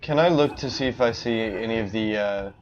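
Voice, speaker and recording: A man playing a tabletop game, asking questions in an animated, playful way. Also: on the low side, fairly quick, lo-fi sound, a little hiss or hum. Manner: animated, playful mock whisper. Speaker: player. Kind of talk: casual tabletop play.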